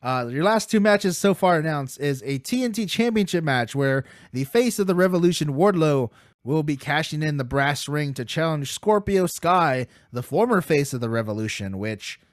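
Fired-up podcast guy, cussing and laughing thru his recap, kinda high voice, dead dry mic. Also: moderate pace, dry recording. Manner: excitable, profane, laughs while telling stories. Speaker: podcast co-host. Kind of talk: casual wrestling podcast chat.

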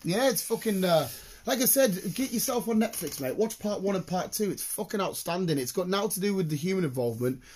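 A man, hosting a casual chat, excitable and sweary, breaking into laughter. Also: high-pitched, brisk, a little hiss or hum.

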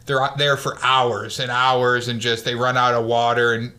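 A man's voice: medium pitch, normal speed. A man casually recapping a war movie on a podcast, acting out the characters' lines as he goes. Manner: animated storyteller, acts out quotes.

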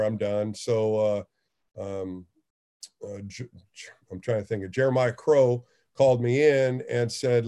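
A middle-aged man with a warm, mellow voice, chatting in an easygoing interview. He tells stories animatedly, jumping higher when he acts out what people said. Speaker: baseball radio host. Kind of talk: casual interview storytelling.

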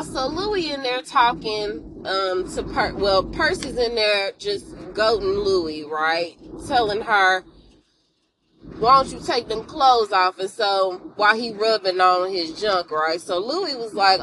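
Woman podcaster, casual recap, animated storytelling, bright crisp tone, faint noise behind. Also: medium pitch, rough recording. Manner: animated storytelling, addresses listeners with "y'all"; emotional exclamations. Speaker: podcast host recapping a TV episode.

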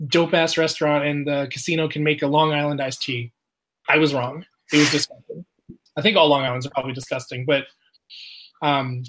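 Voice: mid-range voice, a bit bright, husky. A person telling a casual story, swearing often, laughing and acting out the quotes of others.

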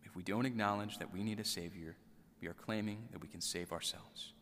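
A man with a lowish voice delivers a sermon, slow and earnest, lingering over scripture lines and sometimes dropping them to a hush. His words ring out with a long reverb trailing behind them. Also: slight background noise. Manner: measured, earnest preaching with softly repeated scripture lines. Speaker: priest.

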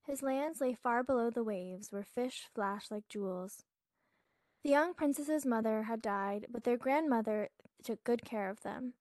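A woman, a podcast host, reading a fairytale aloud in a soft, hushed way, lifting her voice as each new scene begins. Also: fairly high pitch, no echo. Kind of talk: gentle storybook reading.

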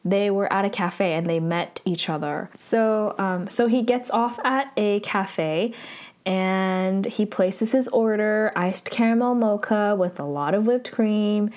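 A woman's voice: medium pitch, takes it slowly, darkish tone. Woman podcast host, casual recap chat, filler-heavy, chatty.

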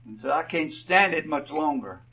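A man's voice: fairly high pitch, expressive, moderate pace, bright, forceful tone, distant mic, highs cut off. A man voicing a frustrated teenage girl who complains about her mother, told as a story within a sermon. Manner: complaining, pleading.

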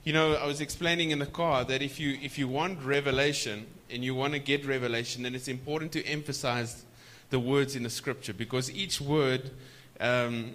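A man preaching a sermon at a church conference, stretching key words slowly for emphasis and prompting the audience to answer back. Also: mid-range voice, steady tone, fairly bright tone.

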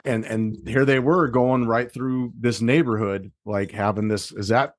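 A man's voice: mid-range voice, fairly even intonation, a little slow, dry recording. Man co-host, rambling and casually profane, in a dry room. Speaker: podcast co-host. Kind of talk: casual podcast chat.

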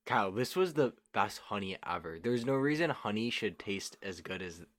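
Man, lowish voice, casual podcast chat, relaxed, enthusiastic. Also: normal speed.

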